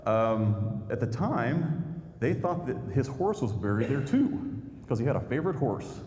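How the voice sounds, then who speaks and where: A man's voice: medium pitch, sing-song, measured pace, a little mellow. A man, a YouTuber giving a folksy storytelling talk to an audience. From Indiana, USA. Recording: long hall reverb, faint noise.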